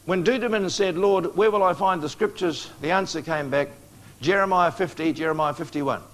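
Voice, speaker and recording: A man's voice: sits high, normal speed. A man preaching a prophecy lecture to a live audience, coaxing responses with questions and joking asides.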